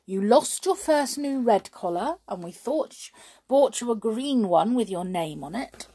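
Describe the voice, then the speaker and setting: A woman's voice: a little high, expressive, measured pace, dark tone, husky, full character voice. A woman voicing a dog's mistress scolding him in exasperation.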